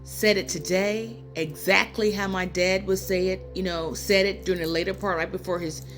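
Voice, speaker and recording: A woman in her fifties hosts a spiritual channel and talks casually to her viewers through her phone, rambling and personal, with plenty of fillers and asides. She is tearful and close to crying. Her voice sits lowish with fairly even intonation at a moderate pace, and faint music plays behind her.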